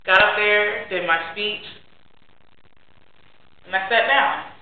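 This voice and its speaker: A young woman giving an earnest, heartfelt personal speech to a class, often trailing off softly. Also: medium pitch, slow pace. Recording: very echoey, distant, tinny and lo-fi.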